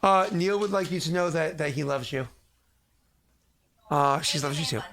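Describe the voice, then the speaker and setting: A man's voice: a little high, normal speed, a bit bright, a little hiss or hum. A man who runs the game and streams it, chatting casually and playfully from his home basement. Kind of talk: casual chat.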